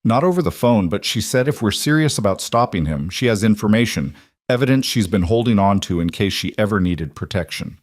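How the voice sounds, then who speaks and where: A man's voice: on the low side, expressive, fairly quick, dry recording, studio quality. A man voicing a frightened woman who talks in an anxious, hesitant way. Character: frightened woman seeking justice.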